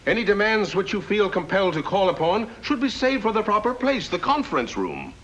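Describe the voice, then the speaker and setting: A calm formal older nobleman. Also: high voice, fairly quick. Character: retired European nobleman, older man, calm referee. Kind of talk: 1950s radio drama acting. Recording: dull distant old radio recording.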